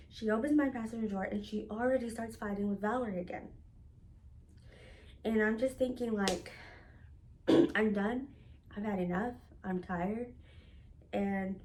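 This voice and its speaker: A young woman telling a personal story in a casual, profane, animated way, acting out the lines of the people in it. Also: medium pitch, a little hiss or hum. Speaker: storytelling vlogger.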